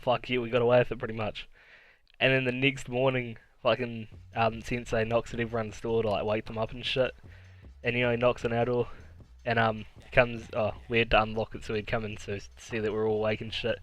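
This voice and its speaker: A man swapping a story straight to camera, loose and casual, with swearing scattered through it and laughter breaking in. His voice sits at an ordinary middle pitch for a man, neither deep nor high. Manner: profane, laughs through the telling. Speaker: vlogger.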